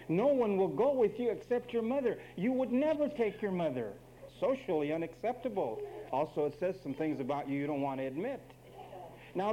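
Guy preaching a sermon, kinda high voice but warm and mellow, wry and punchy, talks right at the crowd. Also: lo-fi sound, a little hiss or hum. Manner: emphatic, wry, addresses congregation directly.

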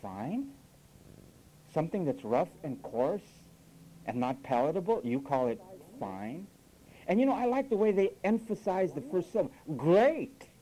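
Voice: mid-range voice, sing-song, normal speed, warm tone, a little hiss or hum, rough recording. A preacher delivering a sermon with sarcastic asides, mimicking the phrases he criticises. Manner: sarcastic, mocks quoted phrases with acted voices.

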